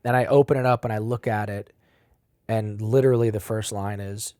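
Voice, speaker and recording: A man as a podcast guest, telling a personal story with blunt, profane language and big swings in loudness. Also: on the low side, normal speed, no room sound. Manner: animated, swings between loud and quiet.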